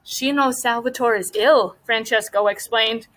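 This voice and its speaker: A woman's voice: fairly high pitch, fairly bright tone, low-quality recording. A woman teacher reading a novel aloud to her class and stopping to ask the students questions. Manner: pauses to question students about the story.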